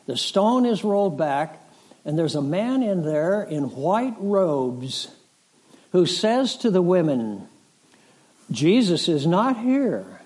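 A middle-aged man preaches a sermon in a slow, deliberate cadence. His voice sits fairly high for a man and swells to forceful climaxes, then falls back to hushed solemnity. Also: big pitch swings. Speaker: pastor.

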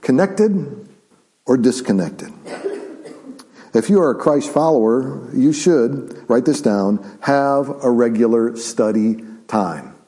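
A man preaching a sermon as pastor, chatty, with lots of restarts and tag questions, slowing down and quieting for solemn points. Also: mid-range voice, poor audio. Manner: conversational with repeated restarts and "right?" asides; drops to slow, quiet, drawn-out delivery for solemn points.

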